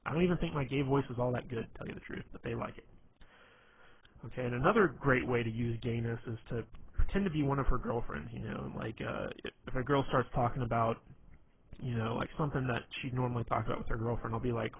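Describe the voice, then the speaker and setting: A man's voice: medium pitch, fairly even intonation, fast. A young man giving casual dating advice in a rambling monologue, full of "you know" fillers and stammered restarts. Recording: tinny phone-like audio, faint noise.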